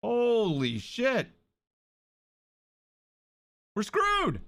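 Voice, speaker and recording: A man live-streaming who talks loudly and excitably, swearing and greeting viewers in chat. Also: extremely high pitch, extremely slow.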